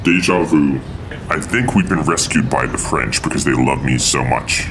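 A man's voice: very deep voice, moderate pace, noisy background. A man chatting playfully through a co-op game, silly and boastful. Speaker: gamer. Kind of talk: playful co-op gameplay chat.

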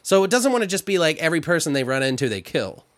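A man's voice: a little high, big pitch swings, fast, dry recording. A man in casual conversation, brainstorming animatedly and acting out scenes as he rambles.

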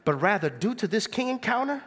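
A young adult man preaching a sermon in an animated, conversational way, throwing rhetorical questions at the congregation. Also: high voice, fairly quick.

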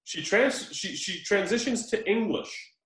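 A man on a podcast telling a movie scene in casual chat, animated and joking, mimicking the characters. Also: high-pitched, a little slow, reverberant, rough recording. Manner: animated storytelling with laughs and mimicked quotes. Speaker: podcast co-host.

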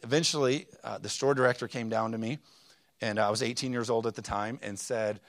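A man's voice: medium pitch, steady tone, fairly quick, no room sound. A man in his thirties preaching a sermon, telling a personal story with plenty of fillers and self-deprecating asides. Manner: rambling, self-deprecating, frequent fillers and restarts. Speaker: pastor.

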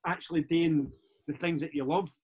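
A Scottish man in his forties, a podcast guest telling stories in a lively, casual way, swearing freely and restarting his sentences. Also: fairly high pitch, normal speed, husky. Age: 40s. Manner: animated, swears freely, repeats words on restarts. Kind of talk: casual storytelling chat.

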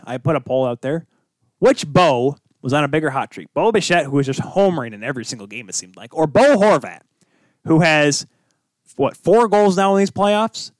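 This man hosts a hockey chat in a slightly raised voice that swings up and down a lot. He teases his co-host and goes loud and playful at times. The sound is dry and close, with no room to speak of. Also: a little high, dry recording. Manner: animated, teasing, breaks into shouted bits. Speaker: podcast host. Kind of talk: casual sports chat.

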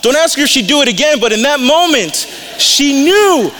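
A man's voice: extremely high pitch, lively intonation, normal speed, bright, forceful tone. A male pastor preaching a sermon in a casual, storytelling way, openly emotional. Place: church sanctuary. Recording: reverberant hall.

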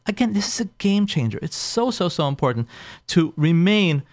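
A man's voice: high voice, very animated, moderate pace, darkish tone, dry recording. A man hosting a talk show as a rabbi, giving marriage advice emphatically, repeating phrases and acting out what spouses say.

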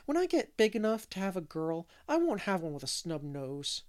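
A rambling, mischievous little boy, full of eager questions and lifting high on them, as a man puts him on for a storybook reading. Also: wildly swooping pitch, moderate pace. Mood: chattering.

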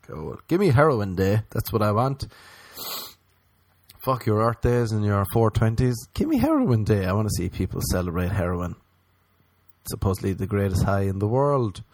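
A man's voice: lowish voice, big pitch swings, moderate pace, darkish tone, dry recording. A man hosting a podcast, rambling through a crude, sarcastic comedy monologue and slipping into mocking voices. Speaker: podcast host.

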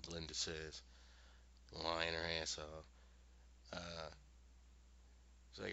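A man with a lowish, sharp, forceful voice retells a show's plot in a casual, animated way. He keeps slipping into quick character voices for the dialogue. The sound is dry and a bit dull and lo-fi. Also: creaky, dry recording. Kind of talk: casual recap storytelling.

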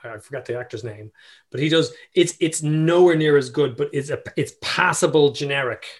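A man chatting casually on a podcast, hesitant, trailing off and restarting often. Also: fairly high pitch. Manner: hesitant, many fillers and restarts, quick agreement. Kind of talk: casual chat.

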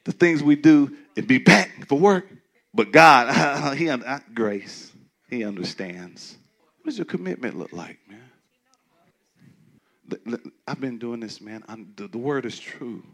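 A man preaching a sermon as pastor, talking to the congregation in a conversational way with many restarts, dropping to quiet asides and rising to loud, emphatic declarations. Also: medium pitch, lively intonation, unhurried. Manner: frequent stammering restarts.

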